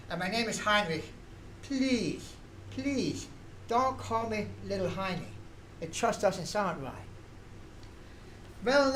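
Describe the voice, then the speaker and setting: A man's voice: sits high, a bit bright, slight background noise. A man telling a folksy comic story with punchlines, recorded in a radio studio. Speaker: folk musician and comic storyteller. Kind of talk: comic stage monologue. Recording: roomy studio echo.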